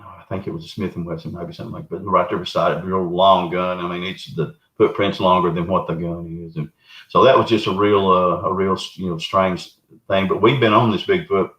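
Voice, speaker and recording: A middle-aged man with a Southern US accent, a Bigfoot researcher and show guest, telling his story in a folksy, rambling way. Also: low voice. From Arkansas, US. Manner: folksy, rambling, animated retelling. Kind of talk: casual storytelling. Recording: roomy, dull lo-fi remote audio.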